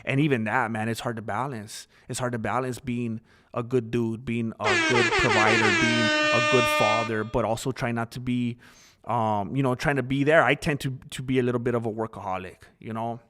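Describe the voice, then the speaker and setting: A man's voice: medium pitch, animated, pushed and bright, faint music behind. A man hosting a casual live stream and answering viewers' chat earnestly. He often stops and restarts his sentences. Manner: halting, with restarts and fillers; earnest and talkative.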